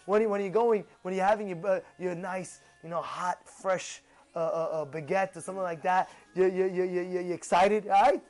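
A man teaching a Torah class, animated, acting out excited voices with gasps and rhetorical questions. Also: high voice, normal speed.

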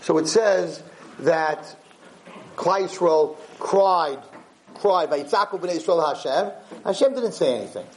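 Lively male rabbi teaching a class. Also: a little slow, low-quality recording. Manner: animated, rises high when voicing God's words; mixes English with Hebrew and Yiddish terms. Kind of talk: informal Torah class. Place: room with students.

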